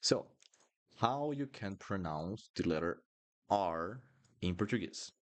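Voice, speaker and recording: A man's voice: low-pitched, expressive, slow. A man teaching pronunciation in a live lesson, repeating each word several times for students to copy. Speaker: Portuguese teacher. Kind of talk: live online language lesson.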